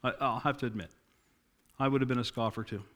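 A man's voice: medium pitch, fairly even intonation, fast talker, fairly bright tone. A middle-aged man preaching a sermon, telling stories and acting out quoted dialogue with emphasis.

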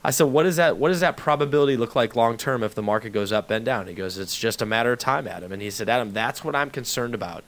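A man hosting a radio show, retelling a conversation and pitching a sponsor's offer. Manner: fast, animated storyteller who re-enacts both sides of a conversation; urgent promotional delivery.

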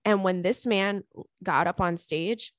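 A young woman hosting a podcast in casual chat, animated and profane, laughing often between thoughts. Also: mid-range voice, a little slow, no room sound, clean studio sound. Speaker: podcast host.

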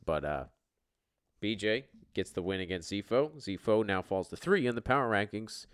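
Brash, low-voiced podcast host. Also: male voice, animated, normal speed, clean tone, dry recording. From US East Coast. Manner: brash, joking, swears freely. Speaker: podcast host and league commissioner. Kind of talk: casual, profane commentary.

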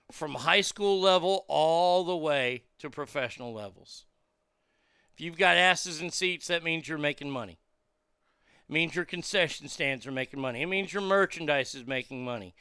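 A man with a high, bright voice delivers rowdy, swear-heavy commentary and blurts out loud, excited reactions as he watches clips. His voice is smooth and resonant. It is recorded dry, with no room sound. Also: no room sound. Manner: profane, blunt and rowdy. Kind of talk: unscripted commentary.

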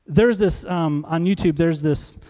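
A male pastor preaching a sermon in a conversational, animated way, acting out little scenes. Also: fairly high pitch, measured pace.

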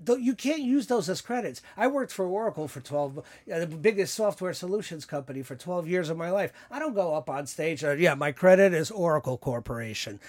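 A man's voice: high voice, lively intonation, brisk, few pauses, darkish tone. A man hosting a podcast in casual chat, rambling with many restarts. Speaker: podcast host.

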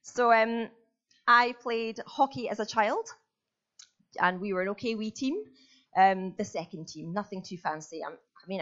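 A woman's voice: mid-range voice, a bit bright, dull audio. A woman preaching a sermon in a chatty, self-deprecating storytelling manner.

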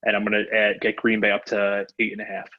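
Low flat-voiced man, subdued betting talk. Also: fast talker, narrow, tinny audio. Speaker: podcast co-host. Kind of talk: casual sports betting chat.

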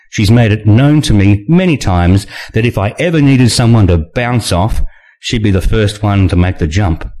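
A man reading a first-person thriller aloud in a wry, expressive way. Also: on the low side. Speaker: audiobook narrator.

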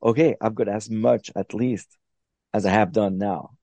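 A man's voice: on the low side, steady tone, measured pace, dark tone, no room sound, muffled recording. A man being interviewed on a podcast, explaining his methods in a thoughtful, step-by-step way with frequent restarts. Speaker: podcast guest, long-distance paddler. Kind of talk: reflective interview talk.

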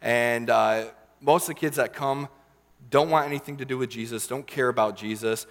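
A young man telling a personal story in a sermon, earnest and emotional, with many fillers and pauses. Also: mid-range voice, in a large hall. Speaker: youth leader giving a sermon.

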